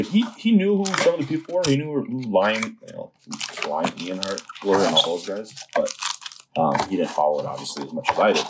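A man casually telling a long story and then opening trading card packs, rambling and animated, with excited outbursts. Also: low-pitched, background noise.

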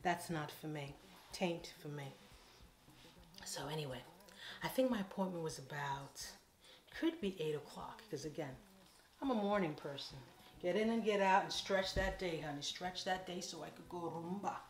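A woman from an island, telling a casual storytime with playful, animated asides. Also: fairly low pitch, moderate pace. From Caribbean island. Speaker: vlogger. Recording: echoey room.

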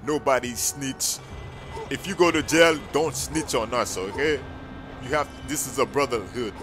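A man's voice: medium pitch, measured pace, over music, natural voice. A man voicing a persuasive male gang recruiter in a game story video, pleading earnestly. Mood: commanding. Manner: calls everyone "my brother", earnest pleading.

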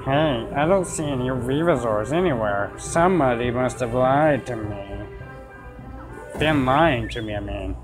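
Player doing a dopey nerdy fanboy voice, talks real slow, game music going behind. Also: mid-range voice, lively intonation, pitched below the performer's own voice, close to an everyday voice. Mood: puzzled. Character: starstruck nerdy young fan, gushing and awkward.

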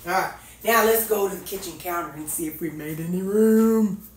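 A woman's voice: on the low side, moderate pace, a little hiss or hum. A woman, chatting casually and thinking aloud with lots of fillers as she organizes her home kitchen. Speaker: vlogger. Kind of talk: casual chat while organizing. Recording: very echoey room, mic at a distance.

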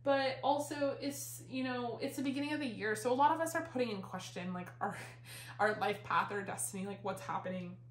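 A woman's voice: a little high, brisk. Chatty, slightly breathless woman reading tarot. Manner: chatty and rambling, full of fillers and casual swearing. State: a little out of breath. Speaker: tarot reader. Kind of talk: casual tarot reading to camera. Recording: roomy echo.

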